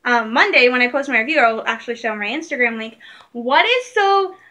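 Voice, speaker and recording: A young woman from Michigan chatting casually in a vlog, excitable and rambling, laughing often. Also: a little high, fast talker. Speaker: vlogger. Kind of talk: casual chat.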